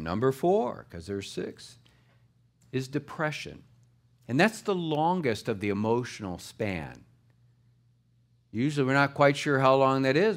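A middle-aged man delivers a sermon in an easy, conversational pastor's manner. His voice sits at an ordinary pitch but moves up and down with lively emphasis as he speaks to his congregation. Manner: conversational preaching, rising and falling emphasis.

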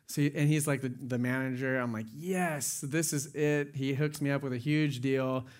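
A man's voice: medium pitch, steady tone, moderate pace. A young man, a pastor, telling a funny personal story in a loose, chatty way before moving into a sermon. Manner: casual, storytelling with laughs and quoted dialogue.

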